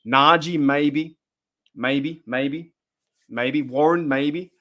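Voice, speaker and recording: Speaking very slowly in a slightly high, somewhat bright voice, an Australian man hosts a casual fan livestream. He is chatty and rambling, reading out viewer comments as they come in.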